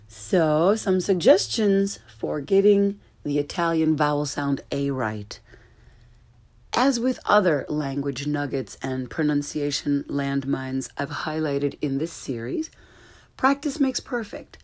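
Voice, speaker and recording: Slow, low-voiced woman teaching pronunciation. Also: expressive, darkish tone. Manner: slow, careful contrasting of wrong and correct pronunciations. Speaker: language teacher. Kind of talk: pronunciation lesson.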